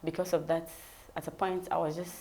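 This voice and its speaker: A woman's voice: low voice, little pitch movement, brisk, a little mellow, a little hiss or hum. Ghanaian woman telling her story. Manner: vivid storyteller who acts out dialogue. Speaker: interview guest. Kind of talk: personal storytelling.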